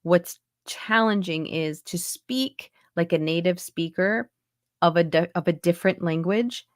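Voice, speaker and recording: An accent and dialect coach joins an interview by video call from her home in Montreal, chatting casually and often restarting or using fillers. Her voice is on the low side and her pace measured, recorded in clean studio sound with no room sound.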